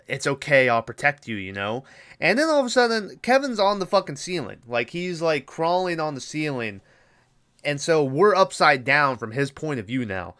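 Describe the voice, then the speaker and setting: A man's voice: medium pitch, fairly bright tone. Profane rambling male podcast host. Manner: rambling, profane, many fillers. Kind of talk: casual movie recap.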